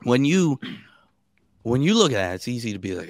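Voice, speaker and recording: A man in his thirties, a guest on a podcast, telling stories in a casual and animated way, laughing and acting out what people said. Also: medium pitch, brisk, gravelly, no echo.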